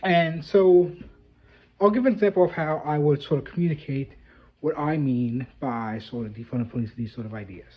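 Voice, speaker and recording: A man's voice: fairly high pitch, normal speed. A man hosting his own video, explaining ideas in a thoughtful, loose way with many filler phrases. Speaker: video host. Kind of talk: casual commentary to camera. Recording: dull lo-fi audio.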